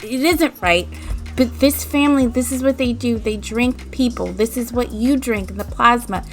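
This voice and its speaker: A woman's voice: a little high, normal speed, soft background music, close to an everyday voice. A woman voicing a patient male vampire in a life-sim game, earnestly pleading and explaining.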